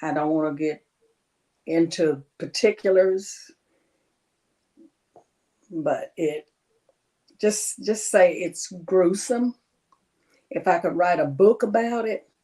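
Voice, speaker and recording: A woman guest on a talk show speaks slowly, letting her words come haltingly with long pauses between them. her voice sits a little low for a woman. she tells her own story plainly and simply. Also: dark tone. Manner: slow, halting, with many pauses. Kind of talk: personal interview testimony.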